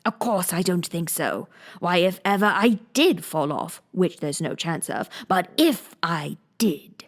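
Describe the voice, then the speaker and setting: A woman voicing a pompous, touchy egg man in a storybook reading, slow and haughty, lecturing as he talks. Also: lowish voice, lively intonation.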